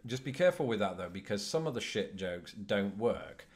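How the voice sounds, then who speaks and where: A British man presenting in a measured, wordy style with a fairly low voice. He delivers jokes deadpan and uses elaborate phrasing. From Britain. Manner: articulate, dry, wordy. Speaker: video presenter. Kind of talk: scripted presenting with dry humour.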